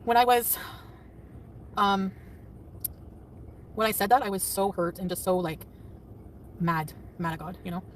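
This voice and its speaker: A woman chatting on a casual livestream, quick and defensive, often laughing and snapping back at commenters. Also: medium pitch. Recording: distant mic with faint traffic noise.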